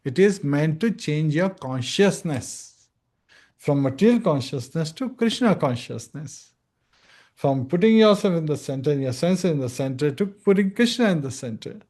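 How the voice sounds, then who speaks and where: A man's voice: fairly high pitch, expressive, a little mellow. Earnest man giving a devotional talk. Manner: earnest, sings chant phrases slowly, acts out short dialogues. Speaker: spiritual teacher.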